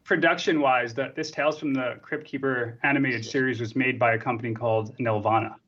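A man's voice: medium pitch, fairly even intonation, fairly quick, a bit bright. A man hosting a casual interview, sharing trivia with enthusiasm. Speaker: podcast host. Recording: dull, muffled audio.

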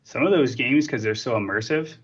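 A man's voice: medium pitch, fairly quick, slightly rough. A man hosting a casual interview, sharing trivia with enthusiasm. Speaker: podcast host. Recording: dull, muffled audio.

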